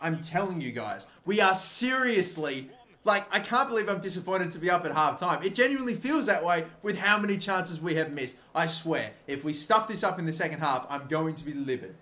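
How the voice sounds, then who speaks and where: A man's voice: a little high, animated, fairly quick. Fired-up young man commentating football, swearing. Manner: swearing, frustrated outbursts and shouted goal reactions. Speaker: gaming YouTuber commentating a football match. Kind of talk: excited fan commentary over game highlights.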